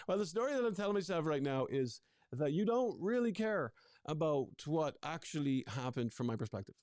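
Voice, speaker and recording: A man's voice: a little high, big pitch swings, a little fast, darkish tone, no echo, clean studio sound. A man presenting a live online workshop on conflict, talking energetically, often repeating words and putting questions to his audience. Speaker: relationship coach presenting a workshop.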